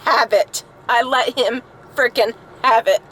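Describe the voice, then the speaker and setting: A woman's voice: a little high, unhurried, fairly bright tone, a little hiss or hum, low-quality recording. Exasperated woman venting in a vlog. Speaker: vlogger. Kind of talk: angry personal vlog rant.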